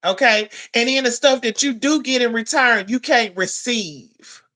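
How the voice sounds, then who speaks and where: A woman's voice: fairly high pitch, measured pace, fairly bright tone. A woman giving a heated, profane commentary rant, blunt and scolding. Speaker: commentary vlogger.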